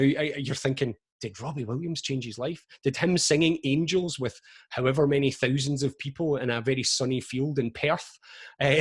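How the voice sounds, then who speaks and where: A man in his forties, a motivational speaker, telling stories to camera on a video call in a chatty, lively way full of asides. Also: medium pitch, husky. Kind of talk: energetic motivational talk to camera.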